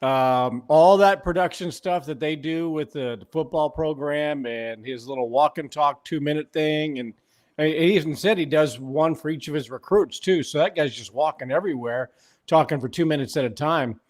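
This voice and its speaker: A man's voice: on the high side, moderate pace. A man co-hosting a sports talk show, making his points emphatically and repeating them, with fillers like uh and um. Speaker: sports radio co-host.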